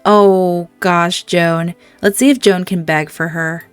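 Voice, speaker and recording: Lady doing game commentary, kinda low voice, takes her time, gets all emotional, soft music behind. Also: steady tone, slow pace, hardly any pauses, clear, resonant tone, dry recording. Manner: chatty, emotional reactions to gameplay. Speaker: gaming channel host. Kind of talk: let's-play commentary.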